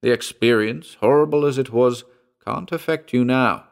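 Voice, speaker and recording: A man voicing a calm, reasonable small-town doctor who soothes his patient, in a spoken story. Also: medium pitch, normal speed, gravelly, voice pushed up, close to an everyday voice. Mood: reasoning.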